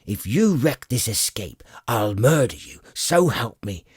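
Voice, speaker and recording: A man reading an audiobook and voicing a gruff, furious old male dwarf warrior who roars and threatens, in a slightly raised, louder voice. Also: medium pitch, big pitch swings, a little slow, dry recording, studio quality, pitched above the performer's own voice, full character voice. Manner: roaring, threatening. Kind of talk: audiobook character voice.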